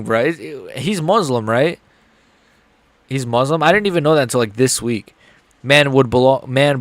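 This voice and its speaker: Excitable, profane young male streamer. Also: medium pitch, no echo. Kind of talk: live fight reaction commentary.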